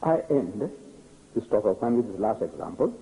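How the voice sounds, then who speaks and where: An older man, giving an animated public religious lecture and telling stories with acted-out dialogue. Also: lowish voice, moderate pace, creaky, rough recording. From South Africa. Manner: animated storytelling, acting out dialogue. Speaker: preacher.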